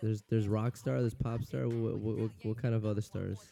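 A man's voice: on the low side, fairly even intonation, normal speed, creaky, mellow. A young man co-hosting a morning radio show, talking in a laid-back, slangy, easygoing way. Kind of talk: casual morning radio chat.

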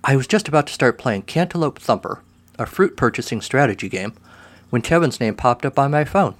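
A man's voice: mid-range voice, lively intonation, fairly quick. A man reading a first-person short story aloud in a dry, wry way.

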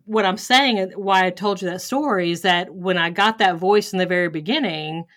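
A woman's voice: lowish voice, normal speed, fairly bright tone. A woman hosting a faith podcast, sharing a candid personal story and acting out what she thought and said. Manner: candid, self-deprecating, acts out her own thoughts. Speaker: podcast host.

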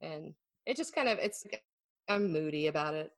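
She's an author on an interview, chatting about her writing with a relaxed, self-mocking laugh before reading from her fantasy chapter. Her voice sits low with lively intonation, a moderate pace, and no room sound.

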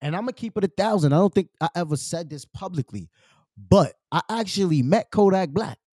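A man's voice: sits high, expressive, fairly quick, warm tone, dry recording, studio quality. A young man with a New York accent, telling a story in casual podcast chat, slangy and profane, acting out quotes. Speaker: podcast host.

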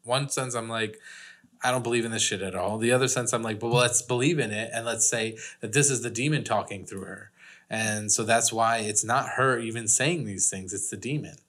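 A man's voice: mid-range voice, normal speed, fairly bright tone. A man co-hosting a casual podcast, cracking jokes and swearing while he talks about a film. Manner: wisecracking, swears, mimics voices. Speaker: podcast co-host. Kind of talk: casual chat.

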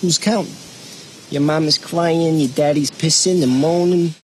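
A man's voice: on the high side, fairly even intonation, measured pace, a little mellow, a little hiss or hum, natural voice. A man playing a menacing army sergeant who sneers and threatens in a swaggering drawl, in a film clip. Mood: menacing taunt. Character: menacing male army sergeant taunting a young soldier.

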